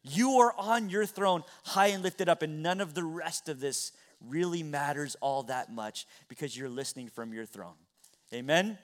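High-voiced preaching man. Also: lively intonation, normal speed. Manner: earnest preaching, swings from hushed to loud. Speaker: pastor. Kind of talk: sermon. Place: church sanctuary.

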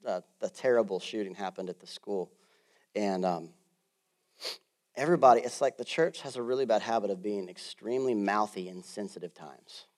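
A male pastor preaching a sermon in a casual, jokey way, swinging from loud bursts to quiet asides. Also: lowish voice, normal speed. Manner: animated, swings between loud and soft.

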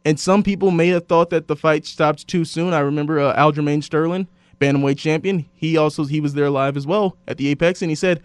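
Man, sports podcast host, slightly high voice, dry studio sound, animated storyteller. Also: brisk, few pauses, smooth, dry recording. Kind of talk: casual podcast chat.

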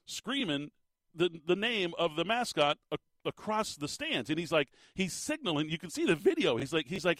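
A middle-aged man, giving an animated, exasperated opinion monologue as a commentator, full of restarts. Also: fairly high pitch, normal speed, no room sound, clean studio sound.

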